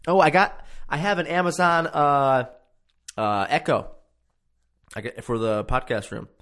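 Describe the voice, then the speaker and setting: A man's voice: on the high side, steady tone, measured pace, a bit bright, clean tone. Rambling, profane podcast guy. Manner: rambling, profane, self-mocking. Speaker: podcast host. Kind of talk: casual solo podcast monologue. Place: home podcast room.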